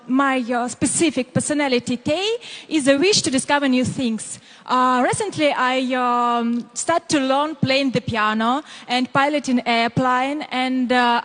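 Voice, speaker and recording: A woman from Belarus with a Belarusian accent, introducing herself on a pageant stage with many hesitant pauses and fillers. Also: high voice, a bit bright. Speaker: pageant contestant.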